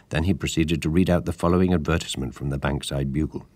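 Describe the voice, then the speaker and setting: Reading a scripted storybook, this very low-voiced male narrator keeps his delivery measured yet animated. The recording is intimate and dry, free of room sound and echo.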